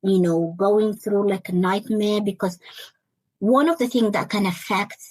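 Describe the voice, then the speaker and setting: A young adult woman guest sharing a personal story in an interview, earnest and halting, often repeating words as she searches for them. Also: medium pitch, a little mellow, no echo, low-quality recording. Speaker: interview guest, life coach. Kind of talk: personal testimony in conversation.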